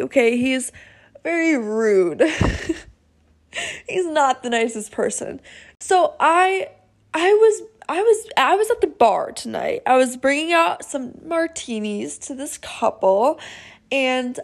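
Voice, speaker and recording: A young woman with a high, bright voice and a gravelly edge of fry tells a story on her podcast from home. She talks in a chatty, animated way and keeps checking in with her listeners. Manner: chatty, animated, says okay a lot. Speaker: podcast host. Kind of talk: casual storytelling monologue. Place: home, seated in a noisy chair.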